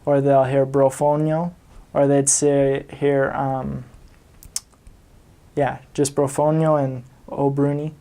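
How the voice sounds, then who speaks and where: A man's voice: medium pitch, little pitch movement, takes it slowly, warm tone. A young man from the United States, a returned missionary, casually telling stories with chuckles and fillers. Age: young adult. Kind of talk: casual storytelling.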